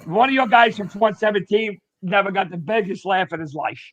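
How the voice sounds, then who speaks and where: A man's voice: sits high, fairly quick, dry recording. A middle-aged man, a retired firefighter telling stories bluntly and profanely as a podcast guest. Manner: blunt, profane, animated storyteller. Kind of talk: casual storytelling. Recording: dull, dry lo-fi sound.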